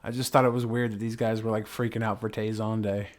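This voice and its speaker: A man's voice: lowish voice, level tone, quick pace. A young man hosting a livestream, chatting casually in a rambling, playful way with lots of swearing. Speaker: livestream host.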